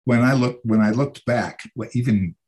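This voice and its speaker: An older man, an actor, telling casual anecdotes about his stage career in an animated way. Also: mid-range voice, normal speed, a little hiss or hum. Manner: animated anecdotes, mimics the people he quotes. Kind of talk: casual conversational storytelling.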